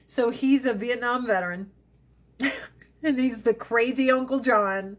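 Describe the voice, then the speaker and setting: A woman in her forties hosts a casual live stream on her phone, swearing freely, laughing a lot and doing funny impressions of her family. Her voice is on the high side and a little slow.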